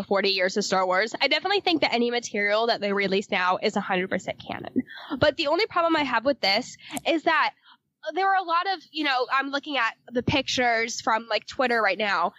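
A woman's voice: on the high side, fairly bright tone, no echo, muffled recording. A woman in her twenties, a podcast guest chatting casually and joking along. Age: 20s. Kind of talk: casual chat.

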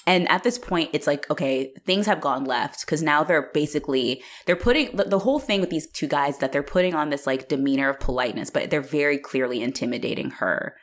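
A woman's voice: deep voice, fairly quick, few pauses. A young woman in casual chat about a film, swearing freely, laughing often and acting out lines from scenes. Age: young adult. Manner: swears freely, laughs often, acts out quotes in animated voices.

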